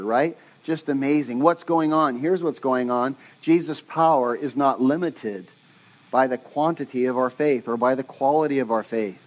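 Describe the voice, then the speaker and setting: Animated male pastor preaching. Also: fairly high pitch, dull audio. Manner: animated storytelling, casual slang. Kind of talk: sermon.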